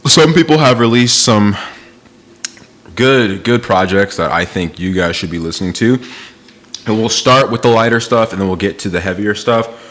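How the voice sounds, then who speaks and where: A man's voice: lowish voice, animated, normal speed, a bit bright. A man hosting a podcast, chatting casually about new music in a laid-back, rambling way with plenty of slang and filler. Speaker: podcast host.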